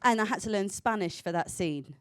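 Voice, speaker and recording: A woman actor in a panel chat, telling animated stories and laughing often. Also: medium pitch, fairly quick, clear, resonant tone.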